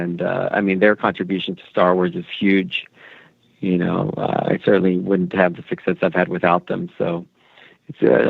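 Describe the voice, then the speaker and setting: A man's voice: low voice, gravelly, no room sound, phone-quality sound. A man being interviewed as an animation producer, rambling and friendly with many fillers. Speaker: animation executive producer, guest. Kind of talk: casual podcast interview.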